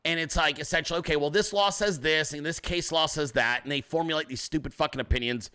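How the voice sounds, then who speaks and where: A man's voice: a little high, fast talker, bright, forceful tone, clean tone. A man hosting a podcast, talking in a casual, profane, joking way and often mimicking other people. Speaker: podcast host. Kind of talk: casual political commentary.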